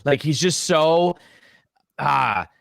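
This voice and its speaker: A man's voice: a little high, expressive, extremely slow, gravelly, a bit bright, dry recording, studio quality. A man co-hosting a podcast, chatting casually, rambling and getting worked up with frequent swearing. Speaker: podcast co-host. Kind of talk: casual chat.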